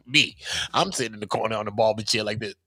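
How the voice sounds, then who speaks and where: A young man, casually telling a story as host, animated and swearing freely in street slang. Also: on the low side, very fast, dry recording.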